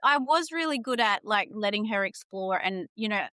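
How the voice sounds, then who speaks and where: A middle-aged woman, hosting a podcast and chatting casually, telling stories with lively quoted voices. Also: mid-range voice, moderate pace, no echo, studio quality. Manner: chatty storyteller, animated quoting. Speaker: podcast host.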